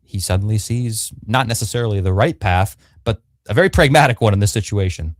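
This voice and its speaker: A man's voice: fairly low pitch, a little fast, no echo, clean studio sound. A man co-hosting a casual livestream review, talking in a joking, emphatic, playful way. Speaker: podcast co-host. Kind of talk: casual fan review chat. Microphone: livestream microphone.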